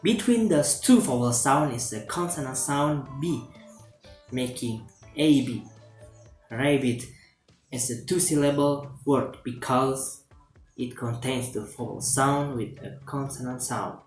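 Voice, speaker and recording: Guy reading his class presentation off a script, bit of stumbling, echoey room, quiet music behind. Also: mid-range voice. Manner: reads steadily from a script, with some halting restarts. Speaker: student presenting a class assignment. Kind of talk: read-aloud lesson presentation. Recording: roomy echo with faint music behind.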